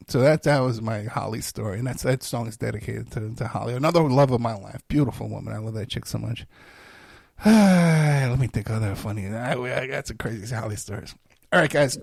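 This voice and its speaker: Gravelly guy rambling thru old stories, laughing, lots of ums, dry close sound. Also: medium pitch, lively intonation, a little fast, no room sound. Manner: rambling, laughs between lines, many fillers. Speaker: storyteller. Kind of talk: casual storytelling.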